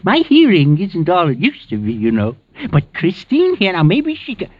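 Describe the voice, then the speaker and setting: A fussy old coin collector. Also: male voice, high-pitched, wildly swooping pitch, normal speed, full character voice. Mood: doddering. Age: 70s. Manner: fussy, rambling, hard of hearing. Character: eccentric septuagenarian male coin collector, fussy. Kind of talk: 1940s radio acting. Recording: dull old radio broadcast.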